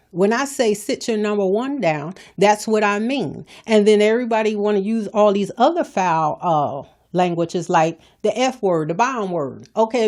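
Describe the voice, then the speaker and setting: A woman's voice: mid-range voice, darkish tone. A woman, hosting a podcast in a blunt, folksy, sermon-like way, scolding with humor. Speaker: podcast host. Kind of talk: preachy motivational talk.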